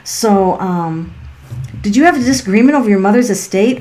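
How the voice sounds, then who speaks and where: A woman's voice: medium pitch, expressive, normal speed, mellow. A middle-aged woman giving tarot readings on a home livestream, chatty and rambling and often laughing, speaking into a laptop mic. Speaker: tarot reader hosting a live stream. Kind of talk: casual livestream chat while giving readings. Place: at home on a farm. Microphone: laptop built-in mic.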